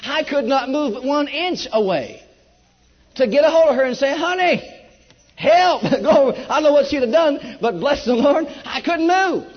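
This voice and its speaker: A middle-aged man preaching a sermon, telling his own testimony with passion, moving between loud, high outbursts and low, hushed stretches. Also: expressive, normal speed. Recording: dull echoey hall recording.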